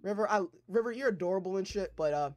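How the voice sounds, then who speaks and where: Medium-pitched and fast, with faint music behind, a young adult gamer reads out a dating game's dialogue during a casual let's play. He riffs on it in a loose way, cursing and laughing throughout.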